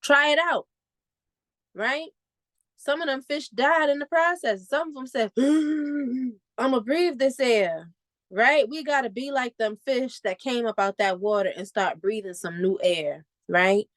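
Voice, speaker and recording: Preachy animated woman, aave, lots of "right?", dry close sound. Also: fairly high pitch, normal speed, no echo. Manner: animated, preacherly, peppered with tag questions. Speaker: conference panelist. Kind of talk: preaching-style panel talk.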